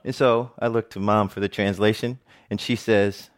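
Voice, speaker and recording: A man's voice: medium pitch, steady tone, moderate pace, hardly any pauses. A middle-aged man giving a personal storytelling speech, humorous and self-mocking. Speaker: TV reporter giving a talk.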